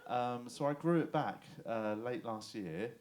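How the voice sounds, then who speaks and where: English male stand-up, chatty and animated, checks in with the crowd, mid pitch, faint hiss on the stage mic. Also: measured pace. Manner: chatty, animated, swears and asks the crowd "right?". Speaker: stand-up comedian. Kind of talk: stand-up comedy set. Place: comedy club stage.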